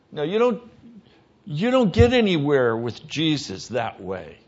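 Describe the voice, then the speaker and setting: A man preaching a sermon as pastor, emphatic, moving between hushed lines and loud ones. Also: a little high, huge pitch swings, a little slow. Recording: dull lo-fi sermon recording.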